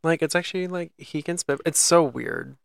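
A man's voice: a little high, very animated, normal speed, vocal fry, clear, resonant tone, no echo, clean studio sound. A young man co-hosting a podcast, chatting casually and telling rambling stories full of fillers. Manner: rambling, filler-heavy storytelling. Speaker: podcast co-host. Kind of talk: casual chat.

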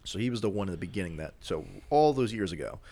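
A man's voice: sits low, big pitch swings, fast, warm tone. A man casually retelling a movie plot to a friend, rambling along with lots of fillers and restarts. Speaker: storyteller recapping a movie. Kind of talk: casual chat.

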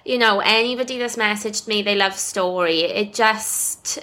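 A woman's voice: mid-range voice, a little slow, sharp tone. A young British woman hosting her own podcast, talking to listeners in an earnest, effusive and heartfelt way. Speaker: podcast host. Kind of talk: casual solo podcast monologue.

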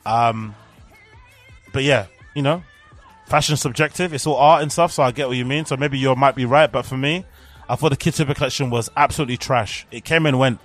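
A man's voice: mid-range voice, brisk, fairly bright tone, soft background music. Candid slangy man. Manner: candid, slangy, swears freely. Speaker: podcast host. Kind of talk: casual live reaction commentary.

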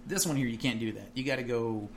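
Animated man in casual gamer chat. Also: medium pitch, fast, slight background noise. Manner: animated, puts on mocking voices in anecdotes.

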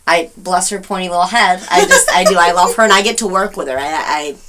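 A woman's voice: lowish voice, fairly quick, background noise. A woman co-hosting a casual talk show, telling a personal story animatedly and acting out what people said. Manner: animated, emotional storyteller who acts out quotes. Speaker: podcast co-host.

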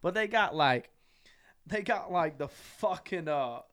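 A man doing a dopey, drawling young dude who hangs the word "dude" on nearly every phrase. The voice sits a little high and sounds smooth and clean. It is a podcast bit. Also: animated, slow, fairly bright tone. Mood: goofy. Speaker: podcast host.

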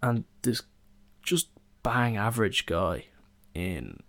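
A man's voice: lowish voice, sing-song, slow, creaky, fairly bright tone, no room sound. A young man, hosting a solo podcast and telling rambling stories in a casual chat, full of fillers and restarts. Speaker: podcast host.

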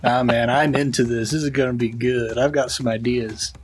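A man taking part as a player in a tabletop game podcast, chatting in a relaxed, easygoing way. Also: mid-range voice, normal speed, a little hiss or hum.

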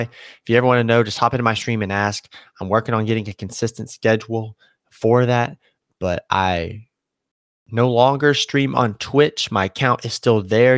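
In a dry, clean studio recording, a young man with a slightly bright, mid-range voice hosts his solo podcast. He chats casually, drifts off on tangents, and often corrects himself mid-sentence.

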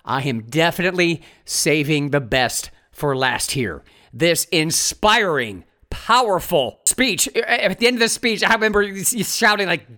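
A man's voice: sits high, expressive, a little slow, bright, forceful tone. A man giving casual, enthusiastic commentary in an informal way. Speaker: political commentator.

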